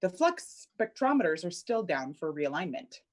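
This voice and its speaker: A woman takes on a steady, practical male ship's engineer in an amateur audio drama reading. The voice sits low for her and stays matter-of-fact. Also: normal speed.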